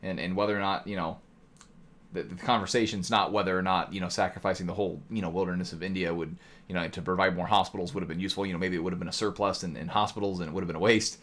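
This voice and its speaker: A man's voice: deep voice, fairly even intonation, racing, a bit bright. Chatty man lecturing to his chat. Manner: talkative, rhetorical "right?" tags, mock voices. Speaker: streamer teaching economics. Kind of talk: casual lecture to live chat.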